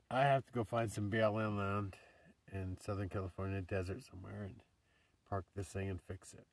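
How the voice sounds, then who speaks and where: A man's voice: sits low, creaky, a little mellow, slightly rough. A man venting in a rambling casual vlog about his car insurance, swearing and laughing at himself, recorded in his car a little away from the mic. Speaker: vlogger.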